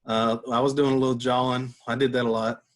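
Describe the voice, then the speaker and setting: In a mid-range voice with flat delivery and a slightly fast pace, a man tells a laid-back story on a podcast, chuckling throughout. He's a guest there and used to play catcher.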